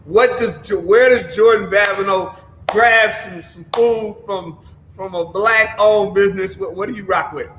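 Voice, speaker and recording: A man hosting a livestream show in a loud, upbeat, slangy way, often yelling. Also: high-pitched, a little slow, noisy background. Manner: energetic, yells a lot, slangy. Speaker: show host. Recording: echoey room with a long reverb.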